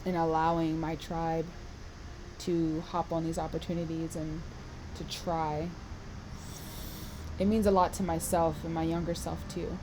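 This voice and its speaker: A woman's voice: low voice, flat delivery, a little slow, pauses often, background noise. A woman giving a passionate, emotional motivational talk, holding back tears and swearing for emphasis. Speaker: vlogger and tour organizer.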